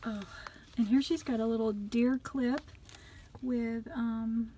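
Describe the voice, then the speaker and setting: A woman chatting casually as she unboxes craft gifts on her vlog, gushing with delighted exclamations and often dropping to a soft, near-whispered voice. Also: on the high side, steady tone, takes it slowly, slight background noise, low-quality recording. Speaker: craft vlogger unboxing a gift swap.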